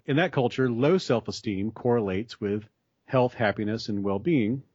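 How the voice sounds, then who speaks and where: A man's voice: mid-range voice, moderate pace, a little mellow, breathy edge, dry recording. An American man explaining ideas thoughtfully in conversation, building his points with examples. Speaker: guest explaining psychology. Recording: dull lo-fi, dry sound.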